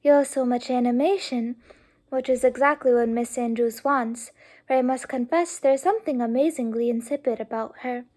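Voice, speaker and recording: Gushing young lady voiced by a woman, breathless exclamations, high voice, mellow tone. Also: normal speed, natural voice.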